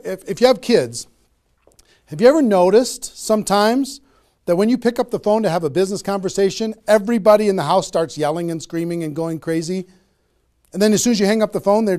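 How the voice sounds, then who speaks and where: Man, fairly high voice, motivational sales trainer, emphatic, repeats key phrases. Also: a little mellow. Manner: emphatic, repeats key phrases, frequent "okay?" check-ins. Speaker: network marketing trainer.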